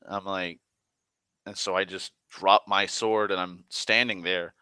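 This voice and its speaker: A man's voice: low voice, fairly even intonation, a little slow, bright, forceful tone, clean tone, no echo. A man telling the story of a tabletop game session in a casual, rambling way, with restarts and swearing. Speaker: player.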